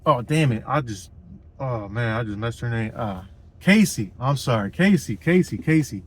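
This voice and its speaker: A man's voice: medium pitch, lively intonation, normal speed, breathy edge, poor audio. A man telling a personal story in a casual vlog, rambling and swearing, with lots of fillers and "you know what I mean.".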